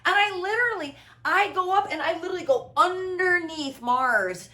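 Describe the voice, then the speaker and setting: A middle-aged woman talking loudly and dramatically, with big inflection and frequent laughs. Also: very high voice, lively intonation, moderate pace. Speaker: host. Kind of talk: casual conversation. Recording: echoey room.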